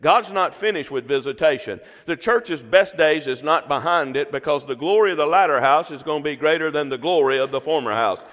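A man's voice: on the high side, brisk, few pauses, fairly bright tone, highs cut off. A middle-aged man with a Southern drawl delivers a sermon from the pulpit. His voice carries a long church reverb, and he keeps prompting the congregation to repeat after him. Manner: call-and-response preaching, prompting the congregation. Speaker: pastor. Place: church sanctuary.

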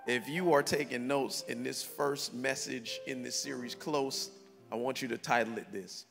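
A man preaching a sermon as pastor to a congregation, lively and conversational with call-and-response, swinging from shouts to soft tones. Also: medium pitch, normal speed, vocal fry. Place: large church hall with congregation. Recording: long reverb from a church hall, faint music.

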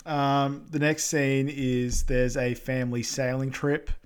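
A man's voice: medium pitch, flat delivery, slow pace, smooth. A man, co-hosting a casual podcast, recapping a film in an easygoing way. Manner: easygoing, lots of ums and agreeing murmurs. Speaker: podcast co-host.

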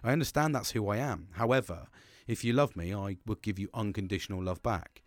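A man's voice: on the low side, brisk, dry recording. A man, talking candidly in a podcast monologue, rambling with frequent restarts and heavy swearing. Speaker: podcast host.

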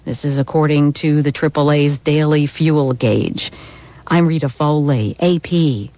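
A woman anchoring a radio newscast in a measured, formal manner. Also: deep voice, fairly even intonation, dark tone, no echo. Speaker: news anchor. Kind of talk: radio news reading.

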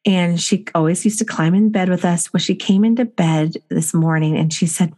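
A middle-aged woman hosting a casual spiritual podcast chat, telling a family story with animated energy. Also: fairly low pitch, moderate pace, hardly any pauses. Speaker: podcast host.

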